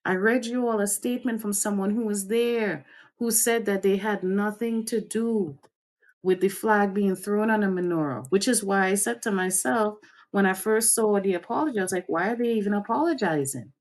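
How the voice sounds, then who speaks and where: A woman hosting a livestream, giving fiery, preachy commentary and swinging her pitch up and down as she speaks. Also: steady tone, moderate pace, darkish tone. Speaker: host.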